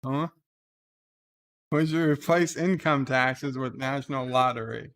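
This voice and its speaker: A man hosting a livestream, reading live chat comments aloud in a laid-back, halting way with frequent "uh"s before each comment. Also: mid-range voice, fairly bright tone. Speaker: livestream host.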